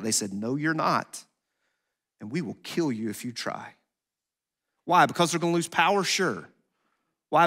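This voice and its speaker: A man pastor preaching a sermon in a conversational, animated way, acting out quotes as he goes. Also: on the high side. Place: church sanctuary. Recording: long hall reverb.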